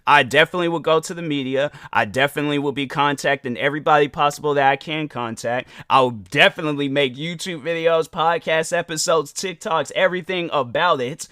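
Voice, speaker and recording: A man's voice: fairly high pitch, a little fast, hardly any pauses, bright, forceful tone, dry recording, clean studio sound. A young man hosting a podcast, giving rambling, slangy commentary on a viral video. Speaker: podcast host.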